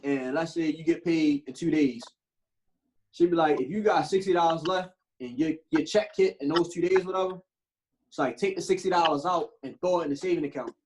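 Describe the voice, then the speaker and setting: Slangy young man, lively storytelling. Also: a little high, a little fast, slight background noise, low-quality recording. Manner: animated storytelling with slang and profanity. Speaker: podcast co-host. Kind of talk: casual chat.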